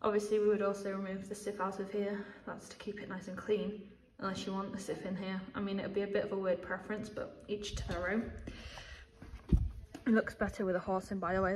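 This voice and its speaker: A woman's voice: medium pitch, noisy background. A young woman, casually chatting as she gives a walking tour of a horse yard. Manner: chatty, rambling, coos at the animals. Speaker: stable staff member giving a tour.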